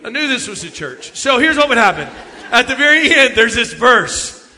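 A man, telling funny youth ministry stories in an animated sermon talk. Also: extremely high pitch, normal speed. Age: 50s. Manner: animated storytelling, jokes with the audience. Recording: long hall reverb.

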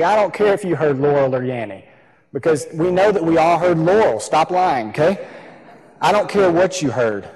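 A man's voice: a little high, darkish tone. A middle-aged male pastor preaching a sermon, telling a personal story and acting out the voices of the people in it. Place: church sanctuary. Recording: reverberant hall, husky voice.

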